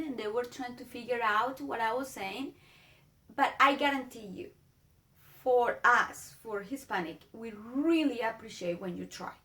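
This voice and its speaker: Her voice is fairly high and a bit bright, carrying the accent of a woman whose first language is Spanish. Earnest in a casual video lesson, she stretches out her vowel sounds as she teaches.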